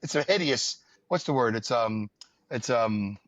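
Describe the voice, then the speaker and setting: This man hosts a podcast, and his medium-pitched, fairly bright voice is expressive and a little slow. A New York-area native, he drifts through wry, rambling stories with lots of fillers in casual conversation, captured in a dull, dry, lo-fi recording.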